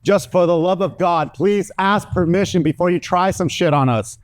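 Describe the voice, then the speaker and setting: A young man from the American South with a Southern accent, doing a stand-up comedy set before a live audience with lively storytelling. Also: high voice, normal speed. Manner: animated, lively storytelling with acted-out voices.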